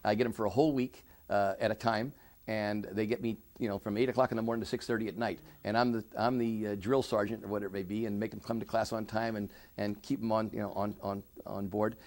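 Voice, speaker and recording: Gravelly low-voiced man, earnest interviewee. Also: darkish tone. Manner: earnest, halting with frequent restarts. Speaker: interviewee, victim services director. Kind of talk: oral history interview.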